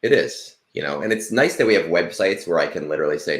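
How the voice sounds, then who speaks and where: A man's voice: sits low, lively intonation, fast, a bit bright, echoey room. A man in his late thirties hosting a casual livestream, rambling and self-deprecating, with lots of fillers. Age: 30s. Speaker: stream host.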